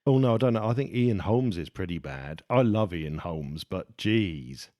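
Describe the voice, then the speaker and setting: A man's voice: low voice, expressive, moderate pace, mellow. A man co-hosting a podcast, talking through a film in a thoughtful, musing way. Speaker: podcast co-host. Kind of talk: casual film discussion.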